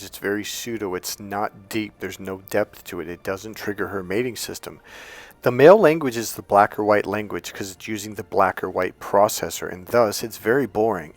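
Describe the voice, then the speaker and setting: A man giving casual dating advice as a coach, telling lively stories and acting out the people in them, blunt and a bit crude. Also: on the low side. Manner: animated storyteller who acts out the people he quotes. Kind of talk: casual motivational monologue.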